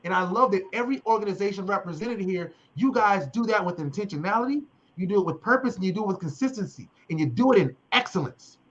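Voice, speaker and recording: A high-voiced man hosts a casual video call panel. He talks with preachy passion, repeating lines for emphasis, over dull lo-fi call audio. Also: lively intonation, quick pace, hardly any pauses. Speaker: host.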